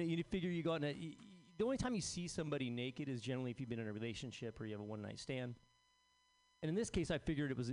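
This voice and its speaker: A man in his forties doing a deadpan, self-deprecating stand-up set on a club stage. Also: medium pitch, vocal fry. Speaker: stand-up comedian.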